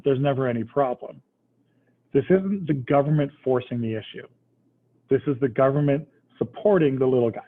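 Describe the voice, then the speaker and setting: A man's voice: medium pitch, slightly rough. A man teaching a history class in a casual, conversational way, often checking in with the students. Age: adult, past military service. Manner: conversational, checks understanding with "right?". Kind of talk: classroom lecture. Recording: tinny phone-like recording.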